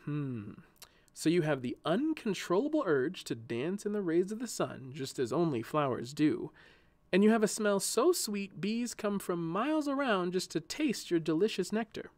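A man voicing a cheerful, gentle male sunflower in a storybook, speaking softly and teasingly. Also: high voice, sing-song, moderate pace, no room sound, voice pushed up. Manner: soft, warm and teasing. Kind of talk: storybook narration.

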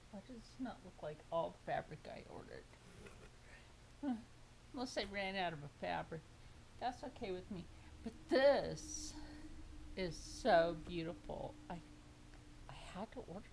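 A woman's voice: mid-range voice, animated, measured pace, creaky, a little hiss or hum, rough recording. A woman vlogging a casual unboxing of fabric for her sewing channel, gushing and squealing over each piece.

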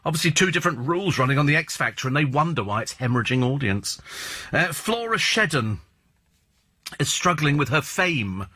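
Husky, lively-voiced radio host. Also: male voice, a little high, brisk. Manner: opinionated, rambling, sardonic. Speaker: radio talk show host. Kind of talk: casual chat and celebrity gossip commentary. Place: radio studio. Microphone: studio microphone.

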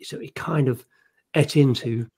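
Guy on a video call, middle pitch, kinda umming along, easygoing. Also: a little slow, husky. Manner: relaxed, hesitant with many ums and uhs. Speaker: panel guest. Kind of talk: casual chat.

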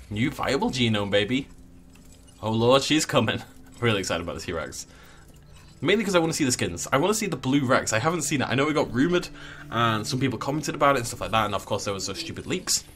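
A man's voice: medium pitch, fairly bright tone. A man giving casual let's play commentary in a playful, jokey, mock-dramatic way. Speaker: gameplay commentator.

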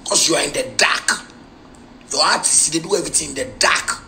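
A man with a Ghanaian Pidgin English accent rants on a live stream, heated and full of insults and mockery. His voice sits a little high for a man. It has a bright, forceful edge. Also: fairly quick, creaky, slight background noise, poor audio. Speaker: musician.

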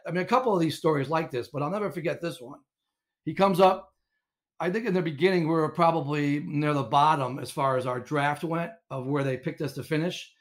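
A middle-aged man telling coaching stories as a podcast guest, animated and rambling with lots of restarts. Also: fairly high pitch. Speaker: guest, inventor and former coach. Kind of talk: casual storytelling interview.

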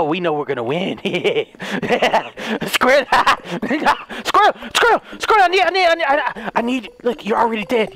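A young man giving comedic let's play commentary, frantic and pleading, shouting and laughing as he plays. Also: sits high. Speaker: gaming video host.

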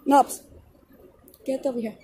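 A woman with a high voice narrates to her viewers while filming outdoors on a city street, held close on a phone. Her tone is sarcastic and confrontational, and she snaps louder when she argues back. A faint hiss runs underneath. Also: fairly even intonation, measured pace. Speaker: filming auditor.

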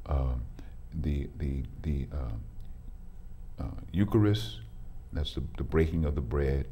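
A man, a pastor hosting a faith talk show, who starts haltingly and repeats words, then tells stories with lively energy. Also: rumbling low, husky, muffled recording. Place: community TV studio.

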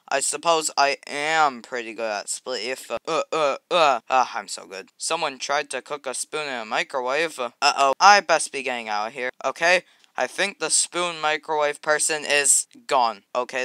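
A young adult YouTuber chatting casually while playing a game, excitable and quick to burst into loud, high exclamations. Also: smooth, no room sound. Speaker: gaming YouTuber. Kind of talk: casual gaming commentary.

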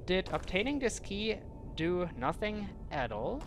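A woman commentating on her gameplay with slow, deliberate, mock-formal phrasing and frustrated outbursts. Her pitch sits a little low and swings widely. Background noise is clearly heard under the voice. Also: sing-song. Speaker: gaming commentator. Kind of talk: let's play commentary.

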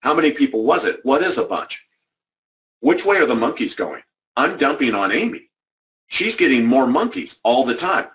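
Picked up on a distant microphone, a man with a very animated, fairly bright mid-range voice addresses educators in a motivational training workshop. At a normal pace, he speaks emphatically and conversationally, driving home his main points through repetition.

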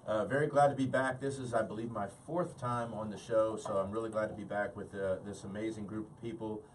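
A man, a regular show guest, talking casually with many halting filler pauses. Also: lowish voice, steady tone, recorded from a distance, a little hiss or hum, rough recording. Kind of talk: casual chat.

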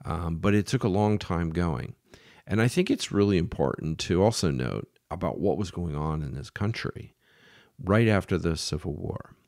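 A middle-aged man with a deep, gravelly voice tells a history story slowly and unhurriedly. He halts often with fillers and restarts, and now and then drops to a whisper. The sound is dry and close. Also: animated, darkish tone, dry recording. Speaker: podcast host.

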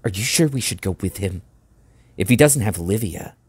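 A man's voice: on the low side, animated, moderate pace, darkish tone, breathy edge, dry recording. A man voicing a blunt, practical young woman in an audiobook, speaking in a frank, matter-of-fact way. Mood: wary. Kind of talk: audiobook character voice.

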